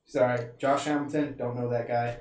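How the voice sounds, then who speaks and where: A man's voice: medium pitch, little pitch movement, fairly quick, darkish tone. Rambling man in an echoey room. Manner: rambling, lots of fillers and restarts. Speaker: podcast co-host. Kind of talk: casual movie review chat. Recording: echoey room, distant mic.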